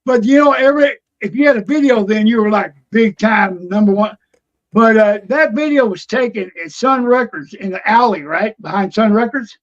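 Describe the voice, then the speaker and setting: An older man with a drawl recounts wrestling days in a high voice. He slips into other people's voices as he tells it. The sound is dull and lo-fi, like a livestream. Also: moderate pace. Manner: animated storyteller, acts out old conversations. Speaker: retired pro wrestler, guest. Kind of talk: casual storytelling interview. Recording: dull lo-fi stream audio.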